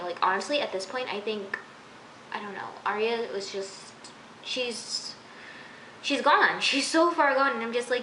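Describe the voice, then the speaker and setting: A woman's voice: medium pitch, animated, a little slow, bright, forceful tone, a little hiss or hum. A woman giving a casual, exasperated vlog review of a TV episode, chatty and full of fillers. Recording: roomy echo.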